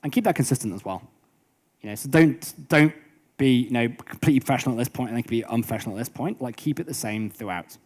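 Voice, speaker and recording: A young man leads a business workshop, moving quickly from one story to the next. He talks at a brisk clip in a middle-pitched voice. He stumbles and restarts often, with plenty of fillers. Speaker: business coach. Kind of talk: workshop talk with anecdotes.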